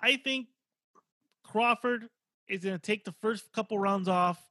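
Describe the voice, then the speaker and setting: A man with a high voice, talking through a boxer's record in a loose, rambling way and swearing now and then. He corrects himself as he goes. The recording is dry and close. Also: unhurried, pushed and bright, no room sound. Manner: analytical, rambling, casual swearing. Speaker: boxing podcast co-host. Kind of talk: casual chat.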